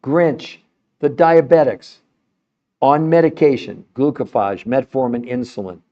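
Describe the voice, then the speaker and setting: An older man hosting a live stream, talking to the chat in an emphatic, salesy way, with his voice jumping high on key points. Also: a little slow, dark tone, dull audio.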